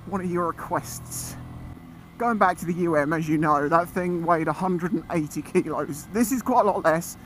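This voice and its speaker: A man talking casually as he rides a motorcycle, chatty and excitable, often exclaiming. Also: on the high side, moderate pace. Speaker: motorcycle vlogger. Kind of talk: casual ride commentary. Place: outdoors on a moving motorcycle. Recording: loud wind and engine noise.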